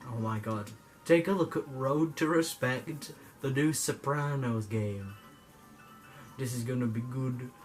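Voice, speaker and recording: A man's voice: medium pitch, a little slow, faint music behind. A young man giving jokey, rambling commentary over his gameplay, stammering and swearing now and then. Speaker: gamer.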